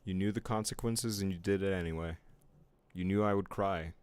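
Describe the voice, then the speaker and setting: A man's voice: sits low, fairly quick, a little mellow, smooth, dry recording. A man streaming his drawing live, chatting casually with viewers in playful, mock-offended banter. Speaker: art streamer.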